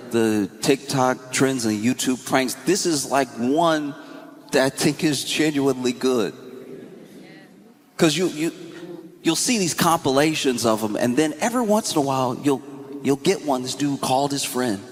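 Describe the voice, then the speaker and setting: A man's voice: medium pitch, lively intonation, normal speed. Man doing loose live stand-up. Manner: loose, rambling, laughing, acts out characters. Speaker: stand-up comedian. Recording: live venue, long reverb, audience noise.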